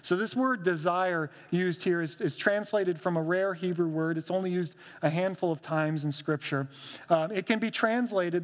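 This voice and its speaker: A man's voice: high-pitched, big-room sound. A man, a pastor, giving a conversational sermon with humorous asides, reading scripture aloud.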